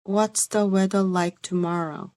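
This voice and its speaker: A woman with a Korean accent practicing English sentences in halting, careful repetitions. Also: medium pitch, steady tone, dark tone, dry recording. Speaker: English teacher acting as a beginner learner. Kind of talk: pronunciation practice.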